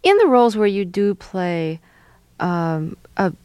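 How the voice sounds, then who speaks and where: A woman hosting an interview, asking attentive, measured questions. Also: medium pitch, very animated, darkish tone, clean tone, dry recording. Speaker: interviewer, host. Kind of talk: radio interview.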